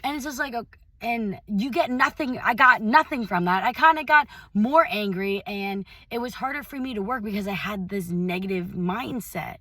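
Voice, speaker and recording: A young woman giving a casual motivational talk, chatty and full of fillers, swinging between loud hype and soft mutters. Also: medium pitch, normal speed, no echo. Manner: chatty, lots of "like" fillers and self-quoting. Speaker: motivational vlogger.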